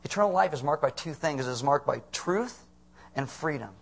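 A man's voice: on the high side, animated, moderate pace, creaky. A middle-aged man preaching a conversational sermon as pastor, asking the congregation questions.

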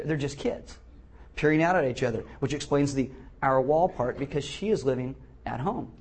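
A middle-aged man preaching a sermon as pastor, animated and acting out the voices he quotes. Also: on the high side, husky.

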